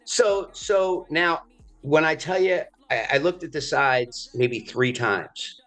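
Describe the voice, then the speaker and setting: A man's voice: fairly high pitch, takes it slowly, faint music behind. A middle-aged man, an actor, telling a story in a casual interview and acting out the other people's lines. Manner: animated storyteller, acts out quoted voices.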